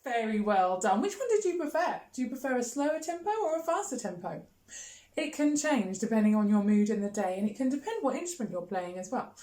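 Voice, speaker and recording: A music teacher leading a children's rhythm lesson, chanting rhythm names, counting in and praising. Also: female voice, fairly high pitch, big pitch swings, fairly quick, mellow. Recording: echoey room with faint noise.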